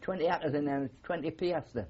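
A man's voice: on the high side, normal speed, mellow, slightly rough, lo-fi sound. An older man with a Geordie accent, a war veteran telling rambling stories with many fillers in an oral history interview. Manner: rambling anecdotal storytelling with frequent fillers.

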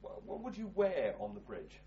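Male interviewer, lively pitch, probing questions, muffled recording with faint hum. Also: normal speed. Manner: probing, leading questions with hesitant restarts. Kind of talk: oral history interview.

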